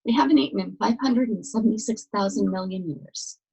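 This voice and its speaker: A woman's voice: mid-range voice, brisk, creaky, mellow, husky, poor audio. Woman voicing Zaphod, a brash alien. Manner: blunt, impatient, mocking. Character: brash, greedy alien man.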